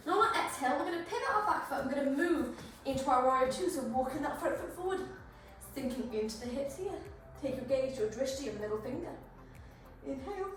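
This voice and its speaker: Woman yoga teacher, high voice, a bit breathless, encouraging cues; heard far off in a very echoey room over music. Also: animated, a little fast, a bit bright. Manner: encouraging, cueing breath and poses. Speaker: yoga instructor. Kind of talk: guided yoga flow instruction.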